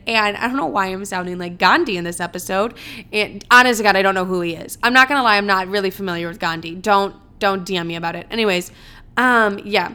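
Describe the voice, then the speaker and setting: A young woman hosts a solo podcast, chatting casually and dramatically while swearing freely and packing her speech with "like." Her mid-range voice is fast, sharp, clear, and resonant.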